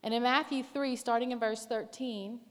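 A woman preaching a sermon, telling a personal story in an animated, emphatic way. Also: a little high, normal speed. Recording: echoey hall reverb.

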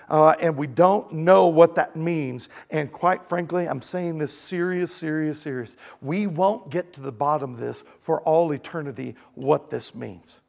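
A man preaching a sermon, emphatic and animated, swinging between loud exclamations and soft, earnest asides. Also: a little high, gravelly. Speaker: pastor.

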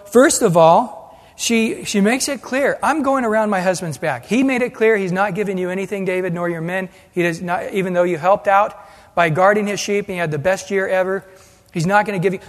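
A man preaching a sermon as pastor, animated and acting out the voices he quotes. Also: high voice, brisk. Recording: long hall reverb.

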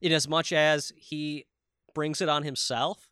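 Man, bright crisp voice, dry close mic, excitable casual podcast chatter, swears a lot. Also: a little high, dry recording. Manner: excitable, swearing, quick asides. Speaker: podcast co-host.

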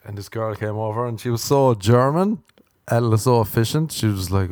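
A man's voice: on the low side, a little fast, darkish tone, no room sound, clean studio sound. A man hosting a podcast, rambling through comic stories about himself and laughing often. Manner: rambling, self-mocking storyteller who laughs often. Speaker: podcast host. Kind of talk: comedic podcast monologue.

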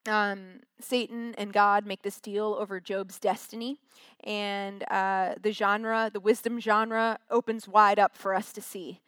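A woman's voice: mid-range voice, level tone, a little slow, a bit bright, clear, resonant tone, no room sound. A woman giving a casual, chatty sermon from a stage, acting out quotes in little voices. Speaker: preacher.

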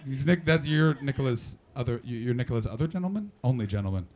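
A man from Canada doing stand-up crowd work on a club stage, brash and profane, mocking the audience with quick banter. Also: mid-range voice, expressive. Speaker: stand-up comedian. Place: comedy club stage before a live audience. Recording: live club with loud crowd. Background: audience laughter.

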